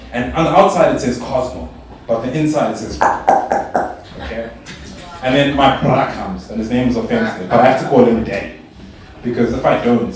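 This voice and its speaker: A young man from South Africa performing a stand-up comedy routine, telling stories in an animated way and jumping to high squeals when he quotes himself. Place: stage in a club or hall. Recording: echoey live stage sound from a distance.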